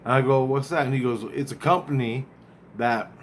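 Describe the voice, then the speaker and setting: A man casually retelling a dream, rambling and acting out both sides of the conversation, often halting and repeating words. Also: mid-range voice, steady tone, a little hiss or hum.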